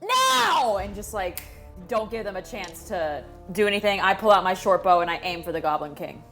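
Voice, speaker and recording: A woman's voice: lowish voice, a little fast, faint music behind. A woman playing a tabletop game, easygoing and eager to jump into the action. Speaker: player. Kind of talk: casual tabletop play.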